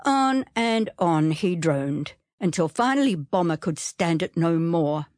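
A woman narrating an audiobook in a steady, even storytelling manner, close to the mic. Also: on the low side, a little slow, dry recording.

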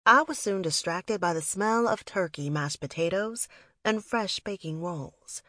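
A woman's voice: lowish voice, measured pace, sharp tone, no echo, studio quality. A woman reading a first-person story aloud in a reflective, wistful manner. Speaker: audiobook narrator. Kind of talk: first-person scripted narration.

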